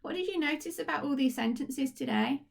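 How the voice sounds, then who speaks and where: A woman's voice: high-pitched, animated, fairly quick, gravelly. A woman teacher giving a recorded phonics lesson to young children, upbeat and encouraging. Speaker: primary school teacher. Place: at home.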